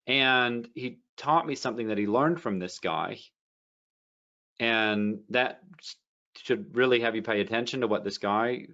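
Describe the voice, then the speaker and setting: A man's voice: lowish voice, fairly bright tone, dull audio. A man giving a casual trading lesson, rambling through stories with many fillers and restarts. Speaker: trading educator. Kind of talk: casual teaching talk.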